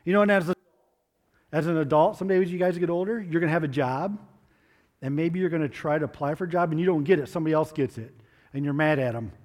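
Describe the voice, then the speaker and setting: A man giving a children's moment in church, asking the kids gentle questions and coaxing answers. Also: fairly high pitch, quick pace, big-room sound. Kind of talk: children's sermon with props.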